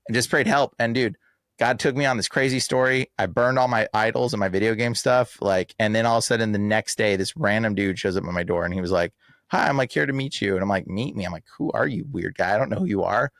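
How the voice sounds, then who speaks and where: A man talking in a casual podcast interview, emphatic and animated, full of slang like "bro" and "like". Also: lowish voice, fast, dry recording, studio quality. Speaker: exorcist guest.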